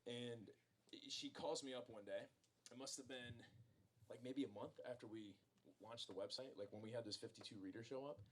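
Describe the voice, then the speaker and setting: A man in his thirties tells a story to a bookstore audience in an easy, rambling way. He is self-deprecating and full of fillers and restarts. His voice sits at a middling pitch. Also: normal speed, a bit bright, a little hiss or hum. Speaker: author speaking at a book event. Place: bookstore event room.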